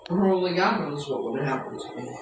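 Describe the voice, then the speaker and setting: A woman's voice: low voice, lively intonation, fast talker, heavy background noise. A woman chatting candidly on a livestream from her home, blunt, rambling and swearing freely. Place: at home indoors.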